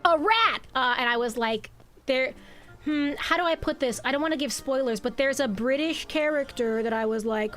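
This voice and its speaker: A woman's voice: a little high, moderate pace, fairly bright tone. A woman livestreaming a video game, chatting playfully and rambling with her viewers. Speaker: streamer. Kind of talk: live game-stream chat. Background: faint game music.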